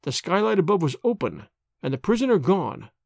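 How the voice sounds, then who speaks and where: A man narrating an audiobook in a measured, expressive storytelling manner. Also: sits high, creaky, dry recording, studio quality.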